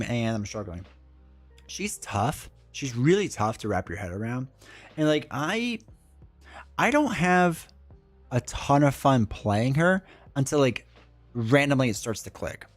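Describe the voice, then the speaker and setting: A man's voice: medium pitch, a little mellow, dry recording. A man streaming live, chatting casually and answering his chat in a rambling way.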